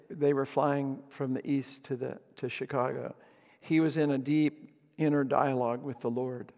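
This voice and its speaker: A man's voice: medium pitch, darkish tone, in a large hall. A man preaching a sermon as pastor, telling a story with frequent ums and restarts.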